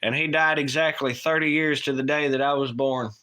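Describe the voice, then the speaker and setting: A man's voice: medium pitch, fairly even intonation, brisk, sharp tone. A man co-hosting a late-night livestream, chatting casually in a rambling, profane way and laughing often. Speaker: livestream co-host.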